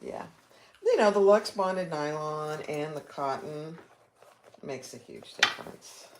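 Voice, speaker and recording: A woman's voice: low voice, expressive, slow, noisy background. A woman hosting a live sewing tutorial, chatting with viewers and reacting aloud as she works. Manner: chatty, reacts aloud while working, reads viewer comments. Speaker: sewing livestream host.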